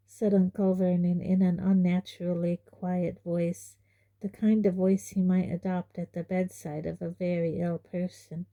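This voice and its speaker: A woman reading an audiobook in a measured, even narration. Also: fairly low pitch, muffled recording. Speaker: audiobook reader.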